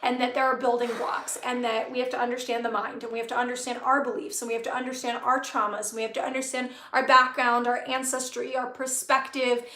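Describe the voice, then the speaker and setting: A woman's voice: on the high side, flat delivery, fast talker, hardly any pauses, sharp tone, roomy sound. A woman hosting a live-stream talk as a spiritual business coach, speaking earnestly with many fillers and repeated phrases.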